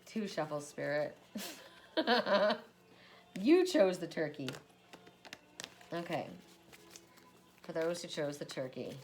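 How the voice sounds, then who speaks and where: Woman oracle card reader, low voice, chatty and giggly, repeats her stock phrase. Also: expressive, slow, long pauses, soft background music. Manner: chatty, laughs often, repeats a set phrase. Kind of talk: casual card reading.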